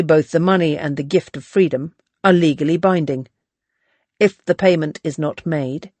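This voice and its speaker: Measured formal steward, as a reader puts him on. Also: male voice, on the high side, dry recording, lightly acted.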